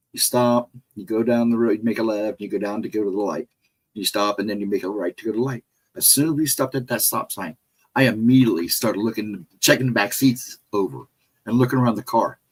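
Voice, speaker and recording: A man's voice: on the low side, a little fast, low-quality recording. A middle-aged man telling a spooky personal story in casual talk. He rambles, restarts his sentences and retraces every turn of the way step by step. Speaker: guest storyteller on a paranormal talk show.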